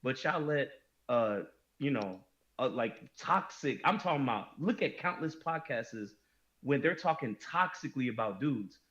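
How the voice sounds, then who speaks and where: A man's voice: medium pitch, expressive, unhurried, a bit bright, dull audio. A man talking in a casual podcast discussion, emphatic and often restarting his sentences.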